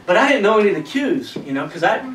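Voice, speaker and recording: A man with a high voice and wide pitch swings talks quickly as he casually tells a funny hunting story, laughing often along the way. The roomy, distant camcorder audio carries loud noise.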